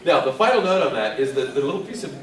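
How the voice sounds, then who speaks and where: A man's voice: medium pitch, big pitch swings, fast, a bit bright. A middle-aged man, a guest voice actor on a convention panel, telling a rambling anecdote with chuckles and restarts. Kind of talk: casual anecdote told to an audience. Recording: echoey hall, distant mic, crowd. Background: audience murmur and laughter.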